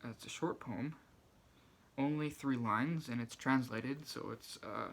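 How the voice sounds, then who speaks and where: A man's voice: mid-range voice, unhurried, vocal fry. Shy, hesitant man reading quotes. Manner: soft-spoken, hesitant, many fillers and restarts. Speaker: book channel host. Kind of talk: reading quotes aloud and commenting.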